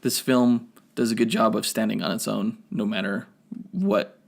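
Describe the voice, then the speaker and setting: A man's voice: fairly low pitch, steady tone, normal speed, gravelly. A man co-hosting a podcast, chatting casually through a film review, rambling and correcting himself as he goes. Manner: rambling, self-correcting, nerdy detail. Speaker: podcast co-host.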